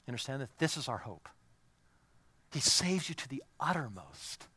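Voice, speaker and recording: Bright-voiced male preacher, hushed to fervent. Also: medium pitch, very animated, normal speed, pauses often, husky, no echo. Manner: swings from hushed, near-whispered intimacy to raised, emphatic preaching; asks the congregation direct questions. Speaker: pastor. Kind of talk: sermon.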